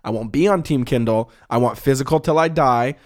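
Fast-talking rambling man podcast host. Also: mid-range voice, a little mellow. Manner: rambling, enthusiastic, many fillers and restarts. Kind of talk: casual chat.

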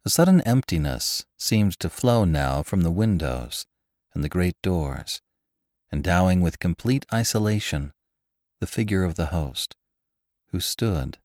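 A man narrating a classic novel in a measured, expressive reading. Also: low-pitched, no room sound, studio quality. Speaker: audiobook narrator.

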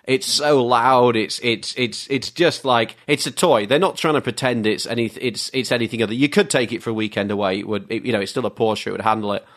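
A man talks cars in a loose, chatty podcast, piling one story onto the next with real enthusiasm. His voice sits at an everyday middle pitch. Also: fairly even intonation, fairly quick, few pauses, a bit bright. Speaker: guest, car journalist. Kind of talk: casual podcast chat.

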